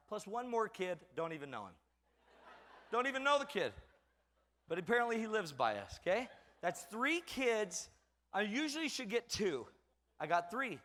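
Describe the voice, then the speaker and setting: A man's voice: sits high, bright, forceful tone, in a large hall. A middle-aged man giving a comedic talk on parenting to an audience, mocking himself as he acts out scenes from family life. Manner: self-mocking storyteller acting out family scenes. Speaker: parenting speaker.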